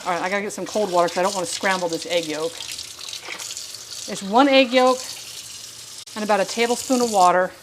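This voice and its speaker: A woman's voice: mid-range voice, a little fast, long pauses, noisy background. A woman hosting a chatty live cooking stream, talking viewers through each step of a recipe and chatting with them as she goes. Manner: talks viewers through each step while reading chat. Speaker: home cook streamer.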